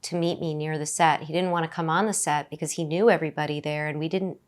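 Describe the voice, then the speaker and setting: A middle-aged woman appears as a guest on a podcast, recounting a personal story in a halting way full of fillers and restarts. Her voice is low-pitched and her tone stays steady.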